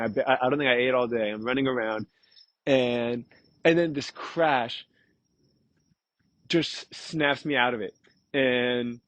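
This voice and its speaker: A man's voice: medium pitch, a bit bright, dry recording, highs cut off. A man hosting a podcast, telling a personal story in a rambling way, with stammered restarts and repeated words. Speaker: podcast host. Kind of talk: casual storytelling monologue.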